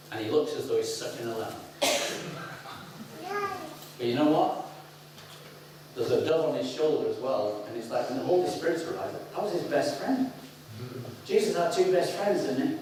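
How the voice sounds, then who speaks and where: A middle-aged man from the north of England with a Northern English accent, preaching an animated, playful sermon to a congregation. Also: medium pitch, noisy background. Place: church hall. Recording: very echoey hall, picked up from a distance.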